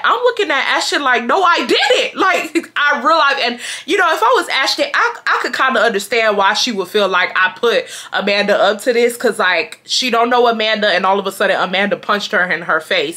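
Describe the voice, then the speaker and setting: Twenties, woman; chatty, slangy storyteller with a bright tone. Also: mid-range voice. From Houston, Texas. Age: 20s. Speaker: vlogger. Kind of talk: casual storytime.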